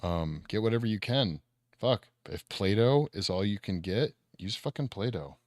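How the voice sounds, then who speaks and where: A man co-streaming with a friend, chatting in a relaxed, rambling way with plenty of swearing and fillers. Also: on the low side, normal speed, no room sound, studio quality. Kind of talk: casual live-stream chat.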